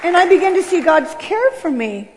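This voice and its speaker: A woman from California giving an emotional personal testimony, swinging between loud outbursts and hushed, low passages. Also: sing-song, normal speed, crowd noise, noisy background. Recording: long hall reverb.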